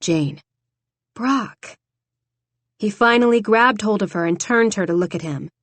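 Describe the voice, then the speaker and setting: Woman, audiobook narrator, steady storytelling, mid-pitched voice, dry studio sound. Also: brisk, no echo.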